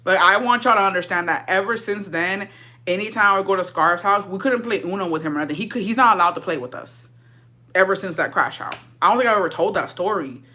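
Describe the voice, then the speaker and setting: A woman's voice: mid-range voice, fast talker, pushed and bright. A woman telling a casual storytime vlog in a blunt, heavily profane way, switching between English and Spanish slang. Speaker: vlogger.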